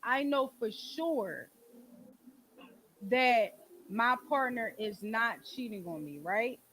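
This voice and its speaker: A woman's voice: fairly high pitch, expressive, slow pace, fairly bright tone, slight background noise, rough recording. A woman hosting a casual talk show, with a Philadelphia accent, blunt and profane, acting out quotes as she talks. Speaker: host. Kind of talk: candid casual chat.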